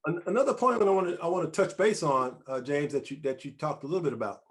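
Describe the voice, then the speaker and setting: A man's voice: a little high, fast talker. A man hosting a talk show, speaking emphatically and restarting his phrases as he interviews a guest. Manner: emphatic and animated, with repeated restarts. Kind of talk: conversational interview.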